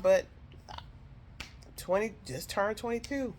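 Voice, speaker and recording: A woman's voice: very deep voice, a little slow, slight background noise. A woman telling viewers a personal story in an emotional, heartfelt way, speaking straight to them. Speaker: vlogger telling her own story.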